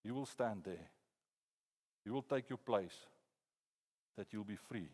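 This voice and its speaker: A man with a South African accent voicing a grave male judge in a hushed, solemn way, with long hall reverb. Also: a little high, expressive, moderate pace, close to an everyday voice. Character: grave judge weighing guilt and mercy, male.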